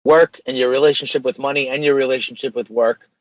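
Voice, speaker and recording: A social media page creator talks fast as a podcast guest, his mid-range voice fairly even in intonation. Casual, emphatic and slangy, he keeps the interview loose. The audio is lo-fi with no room sound.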